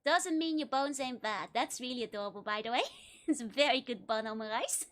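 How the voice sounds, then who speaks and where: A woman's voice: on the high side, a little fast, fairly bright tone. A woman with a Dutch accent chatting playfully with her livestream viewers, giggling often between lines. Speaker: virtual streamer. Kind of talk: casual livestream chat with viewers.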